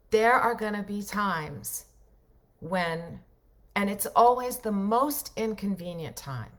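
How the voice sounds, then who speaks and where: Low-pitched middle-aged woman rambling on a livestream about her work and life, lots of ums. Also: a bit bright. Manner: chatty and reflective, rambling with fillers. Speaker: voiceover coach and livestream host. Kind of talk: casual livestream talk answering comments.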